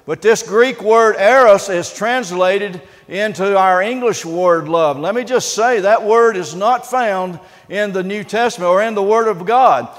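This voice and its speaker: A pastor preaching a sermon in an earnest, halting way, often pausing on "uh" and restarting his sentences. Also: high-pitched, in a large hall.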